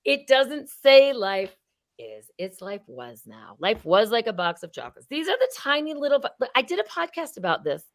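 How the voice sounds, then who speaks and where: A woman talking on a live podcast with lots of swing in her pitch. Her voice sounds dry and close to the mic. She tells a story emphatically, in a casual way. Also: big pitch swings, normal speed, no room sound. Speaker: podcast guest. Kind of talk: lively group chat.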